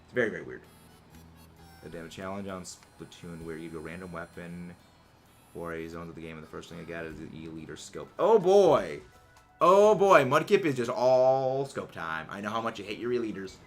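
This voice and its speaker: A man's voice: deep voice, fairly even intonation, fast talker, a bit bright, breathy edge, faint music behind. A man livestreaming, chatting casually with his viewers in a rambling, musing way full of fillers and restarts. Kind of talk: casual chat while gaming.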